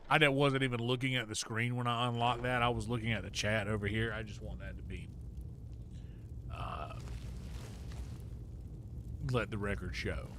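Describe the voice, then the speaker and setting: A man's voice: fairly low pitch, steady tone, moderate pace, long pauses, background noise. A man streaming a video game, talking casually with his viewers in a laid-back, chatty way. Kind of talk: casual gameplay chat.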